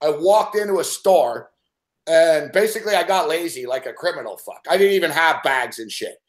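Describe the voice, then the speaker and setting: A man with a fairly high voice spins a rowdy story in casual conversation, cursing freely and laughing between beats. His voice carries a noticeable echo, as if he is in a roomy space. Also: normal speed. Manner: profane, animated storyteller who laughs often. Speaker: show host.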